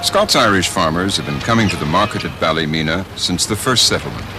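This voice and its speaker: Deep-voiced man narrating a documentary. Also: animated, brisk, music in the background. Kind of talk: scripted narration.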